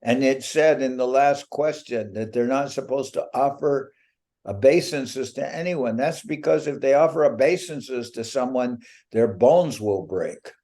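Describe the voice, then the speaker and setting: A mellow, mid-range male voice belongs to a spiritual teacher giving a talk by video call. Bantering with his devotees, he teases them in fun and drags out his punchlines.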